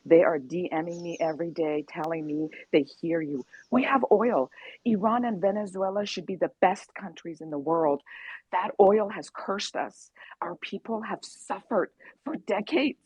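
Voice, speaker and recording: A woman's voice: on the low side, normal speed, darkish tone, breathy edge, no echo, poor audio. A woman speaking passionately and emotionally in a casual audio chat, often repeating herself. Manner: impassioned, emotional, repeating phrases. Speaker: guest speaker. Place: in America.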